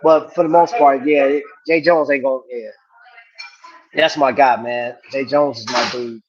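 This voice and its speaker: A man's voice: medium pitch, steady tone, moderate pace. A middle-aged man hosting a casual livestream, chatting in a laid-back way and laughing along with viewers. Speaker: watch reviewer and livestream host. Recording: dull lo-fi stream audio.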